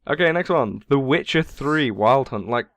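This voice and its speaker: A man chatting casually on a gaming podcast, going through a list of games with dry jokes, his voice getting hoarse. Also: medium pitch, expressive, moderate pace, a bit bright, no room sound. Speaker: podcast co-host.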